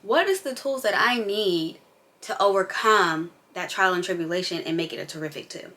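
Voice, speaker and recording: Young mom vlogger, a woman with a low but bright, forceful voice; candid, emphatic, unscripted talk. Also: normal speed. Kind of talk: casual unscripted chat.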